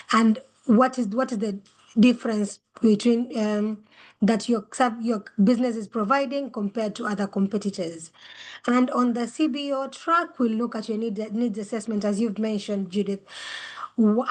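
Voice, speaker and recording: A woman facilitating an online webinar, explaining how pitches are judged through a string of questions, speaking over a video call. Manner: explains judging criteria with many questions.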